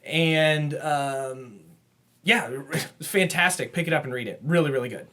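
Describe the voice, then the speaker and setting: A man co-hosting a comic book podcast, casually recapping plots and quoting characters in quick put-on voices, laughing often. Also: a little high, pushed and bright. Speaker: podcast co-host. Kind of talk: casual comic review chat.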